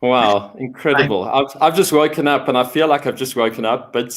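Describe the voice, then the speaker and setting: A man's voice: mid-range voice, fairly quick. A man from Africa, a guest speaking enthusiastically and politely. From South Africa. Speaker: guest fan. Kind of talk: casual interview chat.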